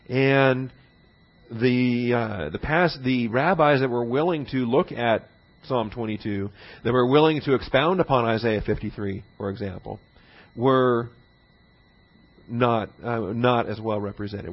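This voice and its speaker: A man teaching a Bible class in a conversational lecture, often checking in with his listeners. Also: medium pitch. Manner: conversational, checks in often with "all right?" and "see?". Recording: dull lo-fi recording.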